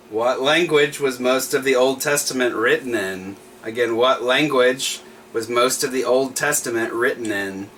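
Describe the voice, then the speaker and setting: A man's voice: medium pitch, fairly bright tone, far from the mic, slight background noise. A man hosting a livestreamed trivia night, reading each question twice and chatting with small laughs in between.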